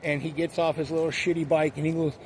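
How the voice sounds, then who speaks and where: A man's voice: a little high, level tone, fast talker, slight background noise. A man telling a story in a blunt, profane, ranting way, in a casual monologue. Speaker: vlogger.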